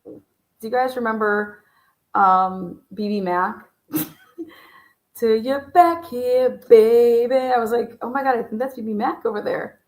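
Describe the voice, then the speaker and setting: A woman's voice: a little high, normal speed. Profane chatty woman telling stories. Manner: profane, chatty, laughing storyteller. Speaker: livestream host. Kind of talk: casual storytelling chat. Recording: echoey room.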